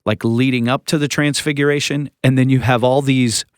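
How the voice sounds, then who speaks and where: A man co-hosts a church podcast in a relaxed, joking way. He often slips into little voices to act out the people he quotes. His voice sits at an ordinary pitch, and the recording is dry and close. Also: a little fast, smooth, dry recording. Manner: lively and joking, acts out quotes. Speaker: podcast co-host, church leader. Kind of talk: casual chat about scripture.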